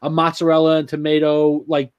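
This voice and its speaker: A man's voice: fairly high pitch, monotone, fairly quick, clean tone, muffled recording. A man co-hosting a casual podcast, joking and teasing and laughing often. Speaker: podcast co-host.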